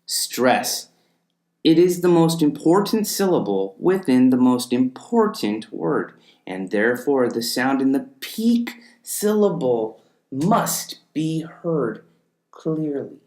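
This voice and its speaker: A man narrating a lesson in a measured, explanatory way, with deliberate pauses between phrases. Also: mid-range voice, sing-song, mellow, reverberant. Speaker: teacher.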